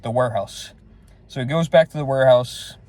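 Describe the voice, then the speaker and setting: A man's voice: mid-range voice, brisk, a little mellow. A middle-aged man casually retelling a frustrating shopping trip, rambling and exasperated, quoting what everyone said. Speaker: vlogger. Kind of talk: casual storytelling to camera.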